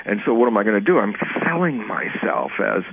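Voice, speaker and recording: A man being interviewed, explaining casually and acting out both sides of imagined conversations in an animated way. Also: fairly low pitch, a little fast, gravelly, noisy background. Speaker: interview guest. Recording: narrow phone-like sound.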